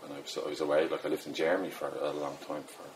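Middle-aged Dublin poet, very low voice, casual and self-deprecating, noisy background. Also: male voice, little pitch movement, very fast. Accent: Dublin Irish. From Ireland. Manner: rambling, self-deprecating, many fillers. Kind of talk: casual interview talk.

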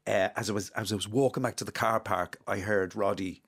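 A man telling anecdotes in a casual chat, animated and enthusiastic. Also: on the low side, a little fast. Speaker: guest, co-author.

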